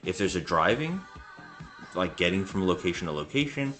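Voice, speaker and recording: A man's voice: low voice, very animated, moderate pace, fairly bright tone, faint music behind. A man co-hosting a casual podcast about bad movies, joking and rambling through his review. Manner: joking, rambling, does mock impressions. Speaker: podcast co-host.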